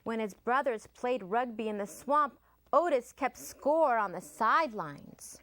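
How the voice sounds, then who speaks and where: A woman librarian reading a picture book aloud to children in a slow, sing-song storytelling manner. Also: on the high side, animated, fairly bright tone.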